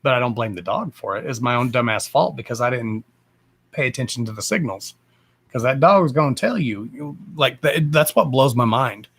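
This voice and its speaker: A man's voice: medium pitch, animated, moderate pace, a bit bright, slightly rough. A man hosting a casual live stream, talking bluntly and with plenty of swearing, and breaking off to speak to his dogs. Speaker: live-stream host and dog owner.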